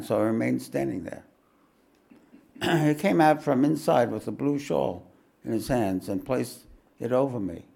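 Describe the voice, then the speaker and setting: A man with a gravelly, creaky edge to his voice reads a spiritual memoir aloud at a mid pitch. He keeps a measured, unhurried delivery. Between passages he adds calm explanatory asides in the manner of a teacher addressing his students. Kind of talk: reading a spiritual autobiography aloud with commentary.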